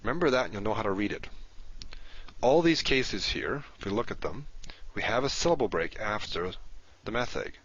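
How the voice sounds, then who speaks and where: A man with a very low voice delivers a recorded lesson, walking through each point patiently and circling back to repeat the key terms. The recording is dull and lo-fi. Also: animated, normal speed, a bit bright, slightly rough. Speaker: Hebrew teacher. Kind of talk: recorded lecture.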